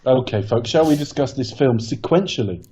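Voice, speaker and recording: Wry man, mellow dull-toned voice. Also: mid-range voice, expressive, normal speed, breathy edge. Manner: wry, joking, talks in long rambling turns. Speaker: podcast co-host. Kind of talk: casual film review chat.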